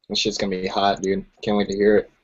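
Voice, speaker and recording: A man's voice: fairly low pitch, highs cut off. A young adult man hosting a casual chat show, joking and laughing a lot in slangy banter. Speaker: podcast host.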